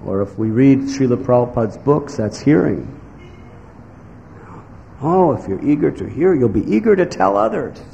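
A man giving a devotional sermon in slow, emphatic phrases, now and then acting out what others might say. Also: mid-range voice, very animated, vocal fry, warm tone, muffled recording. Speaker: spiritual teacher. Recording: echoey hall with faint background noise.

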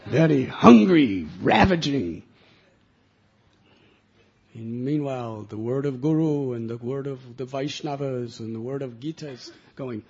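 A man preaching a sermon in an animated storytelling way, on a muffled lo-fi recording. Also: mid-range voice, normal speed, few pauses, husky. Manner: animated storytelling with sound effects.

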